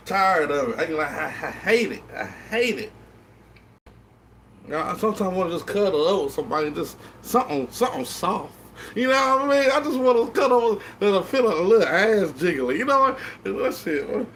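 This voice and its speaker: A man's voice: sits high, big pitch swings, normal speed, fairly bright tone, slight background noise. A tipsy man rambling in casual chat to his viewers, stammering through restarts and swearing constantly. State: tipsy from drinking. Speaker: vlogger.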